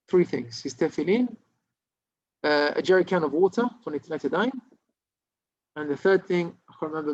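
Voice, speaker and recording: A man's voice: fairly high pitch, gravelly, a little mellow, breathy edge. A man, a rabbi, telling a story in an informal Torah class, with many restarts and Hebrew terms. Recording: dull lo-fi recording.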